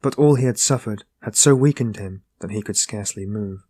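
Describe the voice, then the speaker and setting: A man with a fairly low voice reads a classic novel aloud, steady and measured. The sound is dry and close, with no room around it. His pace holds even as the story turns tense. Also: breathy edge, no room sound. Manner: steady, measured reading that rises into voiced dialogue. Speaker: audiobook narrator. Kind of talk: scripted narration of a classic novel.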